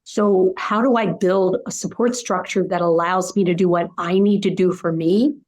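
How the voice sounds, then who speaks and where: A woman's voice: on the low side, steady tone, normal speed, darkish tone. Emphatic older woman, rhythmic repetition. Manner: emphatic, repeats phrases in short rhythmic runs; acts out caregiver scenarios mid-answer. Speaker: dementia care educator. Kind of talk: conversational interview answers.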